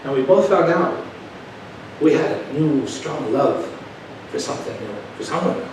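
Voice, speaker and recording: A man's voice: medium pitch, expressive, normal speed, noisy background. Folksy male preacher in an echoey hall. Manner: folksy, conversational, asks the crowd questions. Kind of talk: sermon with personal stories. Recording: echoey hall, taken from far off.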